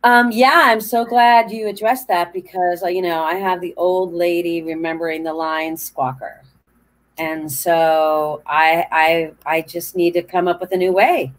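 A woman's voice: on the low side, steady tone, a little slow, poor audio. An older woman, an acting student, answering her teacher's notes with short agreeing replies over a video call.

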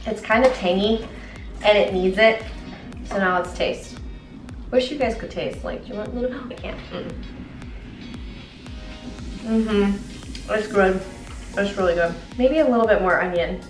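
A woman's voice: medium pitch, measured pace, long pauses. Chatty playful woman doing a cooking vlog, kinda far from the mic in a roomy kitchen, faint music under. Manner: chatty and playful, with jokey asides. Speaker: cooking vlogger. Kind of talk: casual cooking demo chat. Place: home kitchen.

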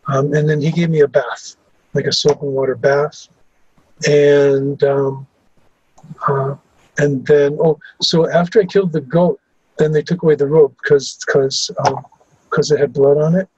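A man giving testimony about his memories, speaking haltingly with many fillers and restarts. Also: a little high, steady tone, darkish tone, husky, no echo, dull audio. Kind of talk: recounting personal memories in testimony.

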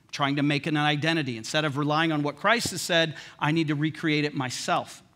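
A man preaching a sermon as pastor in a church, in a conversational, humorous way that swings between hushed lines and emphatic ones. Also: on the high side, fairly even intonation, a little fast. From United States. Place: church sanctuary.

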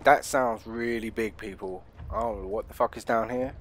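Brief: male gaming host, loud and profane let's play commentary, mid-range voice, keeps addressing viewers. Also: mid-range voice, sing-song, moderate pace, vocal fry, slight background noise.

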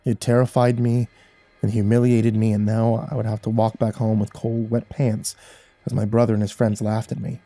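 A man tells a horror tale in first person, his voice dark and mellow. The delivery is measured and dramatic, close and dry with no room sound. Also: fairly low pitch, level tone, dry recording, faint music behind. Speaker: horror story narrator.

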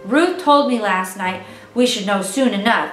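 A woman voicing a cheeky, sulky young boy in a read-aloud storybook, brisk and teasing. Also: medium pitch, lightly acted. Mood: indignant. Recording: echoey room, distant mic, faint music.

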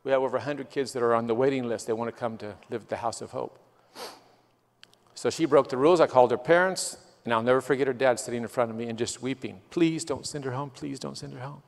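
A man's voice: mid-range voice, quick pace. Earnest man preaching in a reverberant church. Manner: earnest storytelling, quoting people, swells with emotion. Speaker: guest missionary. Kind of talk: missionary testimony sermon. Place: church sanctuary.

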